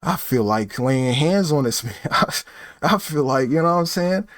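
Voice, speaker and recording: A man's voice: fairly high pitch, animated, moderate pace, no room sound, studio quality. A man, talking loosely in a casual monologue full of fillers and tag questions. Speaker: vlogger.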